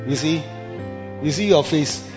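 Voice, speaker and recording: High-voiced pastor preaching in a reverberant church. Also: male voice, unhurried, darkish tone. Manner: emphatic, rhetorical questions to congregation. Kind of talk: sermon. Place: church service. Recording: dull long church reverb with music.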